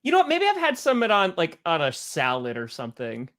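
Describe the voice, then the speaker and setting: A man's voice: a little high, huge pitch swings, brisk, bright, forceful tone. A man co-hosting a casual sports podcast, laughing often and trailing off into restarts. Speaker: podcast co-host.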